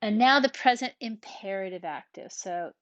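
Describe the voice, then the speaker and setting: A woman teacher, explaining a lesson slowly and patiently, often checking in with "right?" and "okay". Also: medium pitch, lively intonation, a bit bright, no echo, muffled recording. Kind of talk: recorded classroom lesson.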